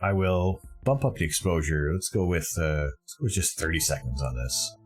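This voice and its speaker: A man's voice: deep voice, lively intonation, moderate pace, a little mellow, husky, soft background music. A man from Canada hosting a live stream, talking casually and with enthusiasm in a rambling way, often correcting himself mid-sentence.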